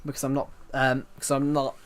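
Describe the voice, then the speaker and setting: Young British man, non-London accent, game streamer, rambling live chat, mid-pitched voice. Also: completely flat delivery, fast talker. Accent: British, not London. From United Kingdom. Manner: rambling, repeats himself, frequent "um" and "if you get what I mean".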